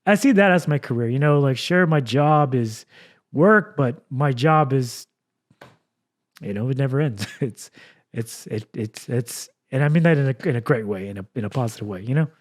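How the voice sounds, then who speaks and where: A man's voice: medium pitch, expressive, normal speed. A man from Texas hosting a casual podcast chat, talking in an earnest, rambling way full of fillers. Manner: rambling, earnest, heavy with fillers like "like" and "you know". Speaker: podcast host.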